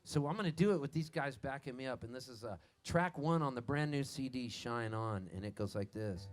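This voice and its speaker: A man's voice: mid-range voice, a little fast. A man from Canada, a singer-songwriter, chatting and telling a rambling joke to a live festival crowd, laughing at his own punchlines. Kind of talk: on-stage banter and storytelling. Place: outdoor festival stage. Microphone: stage vocal mic on the soundboard. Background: a band softly playing.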